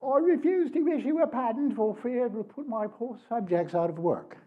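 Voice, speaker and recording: A man's voice: animated, normal speed. A man voicing a stern English queen in a put-on female British accent, in a slightly dull recording. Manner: raised pitch, mock-feminine.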